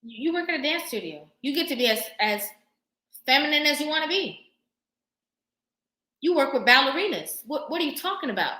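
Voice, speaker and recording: A woman vlogger talking casually to camera, sassy and animated, laughing often. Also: high-pitched, brisk, pauses often, echoey room.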